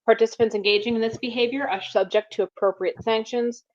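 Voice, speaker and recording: A woman moderating an online class, reading a formal conduct notice briskly before handing over. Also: a little high, steady tone. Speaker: event moderator. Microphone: computer mic on a video call. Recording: dull lo-fi video call audio.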